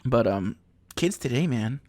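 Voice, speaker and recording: A man in his thirties rambles through a profane, comedic solo podcast. He laughs at his own jokes, and his pitch swings up and down. The sound is dry and close. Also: expressive, unhurried, a little mellow, no room sound. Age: 30s. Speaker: podcast host. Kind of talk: casual comedic monologue.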